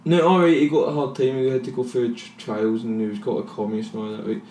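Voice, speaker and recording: A man's voice: mid-range voice, flat delivery, quick pace, a little mellow, slight background noise. A young Scottish man co-hosting a podcast, telling sweary, rambling stories that drift off on tangents. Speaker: podcast co-host. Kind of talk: casual chat. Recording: echoey room, distant mic.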